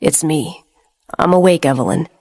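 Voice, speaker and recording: A woman voicing a young man just out of a coma, speaking softly and reassuringly. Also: sits low, lively intonation, moderate pace. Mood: gentle. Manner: soft, reassuring.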